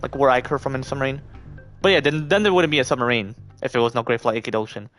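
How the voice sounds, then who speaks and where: A man's voice: mid-range voice, racing, a bit bright, faint music behind. A man live-streaming a video game, talking to himself and swearing in frustration. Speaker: gaming streamer. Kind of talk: casual live-stream commentary.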